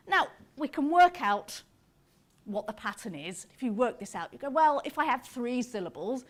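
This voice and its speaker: Lively, high-voiced woman lecturing. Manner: animated and explanatory, taps out rhythms aloud. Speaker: conference speaker. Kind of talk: public lecture.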